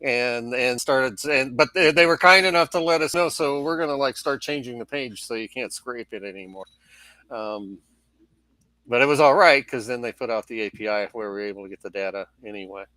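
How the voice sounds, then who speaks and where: A man's voice: mid-range voice, brisk, pushed and bright, no room sound. A man co-hosting a tech podcast, chatting casually with a wry tone and frequent chuckles. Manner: wry, chuckles at his own remarks. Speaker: podcast co-host.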